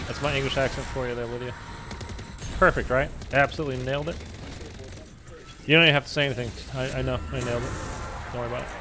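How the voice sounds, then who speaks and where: A man's voice: medium pitch, steady tone, quick pace, long pauses, background noise. A man streaming a video game, chatting casually in a rambling way full of fillers. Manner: rambling, filler-heavy talk. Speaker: live streamer. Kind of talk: casual chat while gaming.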